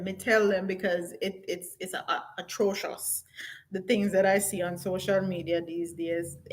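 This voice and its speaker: A woman's voice: medium pitch, rough recording. Blunt woman chatting live. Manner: blunt, animated, reads viewer comments aloud; patois phrasing, frequent laughter. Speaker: live stream host. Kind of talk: casual live-stream chat.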